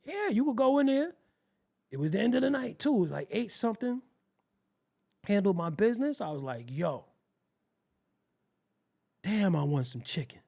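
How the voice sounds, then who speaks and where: A man hosting his own show, telling a rambling, profane story in a casual, animated way. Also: extremely high pitch, fairly quick, vocal fry, long pauses. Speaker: host.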